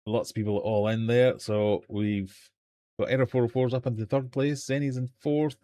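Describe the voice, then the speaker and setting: This livestream quiz host reads questions from his home fish room and keeps making jokes at his own expense. He speaks at normal speed in a flat, mellow, medium-pitched voice, captured in a dry recording.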